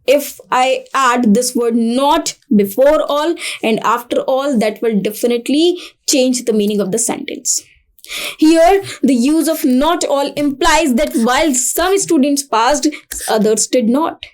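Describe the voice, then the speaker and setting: A woman's voice: high-pitched, a little mellow. A woman with an Indian English accent teaching an English grammar lesson for exam preparation, patiently repeating and rephrasing each point.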